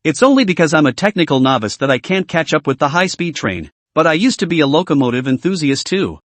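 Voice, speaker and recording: A man's voice: on the high side, sing-song, fast talker, no room sound. A man doing a teasing, easygoing young man. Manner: smiling, teasing.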